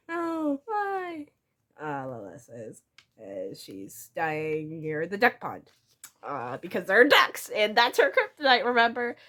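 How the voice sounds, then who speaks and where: A young woman recalls a comic she drew as a child, reading it aloud at an unhurried pace. Her pitch swings widely, and she keeps breaking into giggles. She teases her own childhood self with easy, self-mocking humor. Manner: giggly, breaks into laughter often. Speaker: vlogger.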